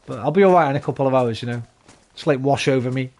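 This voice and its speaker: A man's voice: mid-range voice, fast talker, a little mellow. A tired man chatting and rambling casually to his viewers while streaming a game. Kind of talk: casual live-stream chat while gaming.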